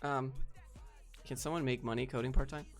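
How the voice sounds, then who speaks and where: A man on a casual livestream answering chat questions in a laid-back, low-energy way. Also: fairly even intonation, moderate pace, faint music behind.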